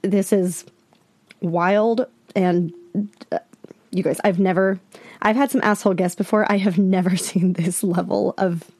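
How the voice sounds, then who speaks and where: A woman's voice: medium pitch, fairly even intonation, measured pace, long pauses, darkish tone, dry recording. A woman hosting a podcast, talking candidly and with exasperation straight to her listeners. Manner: candid, exasperated, addresses listeners as "you guys". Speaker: podcast host. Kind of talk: casual podcast commentary.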